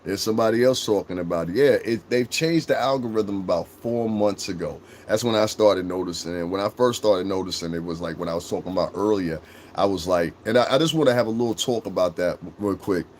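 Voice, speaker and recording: A profane livestream host from Connecticut rambles through casual chat, laughing often and reading and answering his chat. His low, fairly quick, slightly mellow voice carries a Connecticut shoreline accent mixing New England and New York, with a little hiss or hum in the audio.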